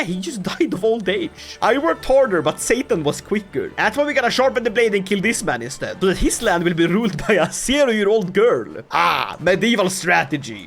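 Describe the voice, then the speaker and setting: A game commentator giving comedic strategy game commentary, full of sarcastic asides and laughs. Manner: lively, swinging pitch with mock-dramatic outbursts.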